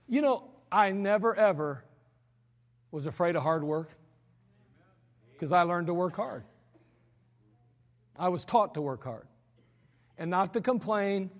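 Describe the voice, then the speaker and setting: A man's voice: sits high, animated, measured pace, long pauses. An American man preaching a sermon in a church sanctuary, folksy and emphatic as he tells stories from the pulpit. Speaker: pastor. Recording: church hall reverb.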